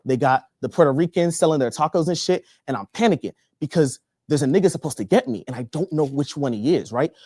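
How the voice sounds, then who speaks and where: A young man from Texas doing stand-up comedy, telling a story in an animated, profane way. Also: fairly high pitch, fast talker, hardly any pauses, breathy edge, no room sound, studio quality. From Texas, USA. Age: young adult.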